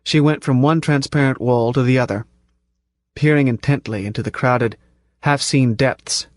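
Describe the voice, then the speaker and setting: A man reading a first-person story aloud at a measured, tense pace, close to the mic. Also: mid-range voice, steady tone, no echo. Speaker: audiobook narrator. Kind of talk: first-person audiobook narration.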